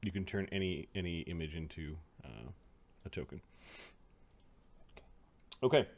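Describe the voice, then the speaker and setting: A man running a tabletop game as game master, who sometimes booms drawn-out arena announcements. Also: gravelly. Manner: booming drawn-out announcer calls, relaxed asides.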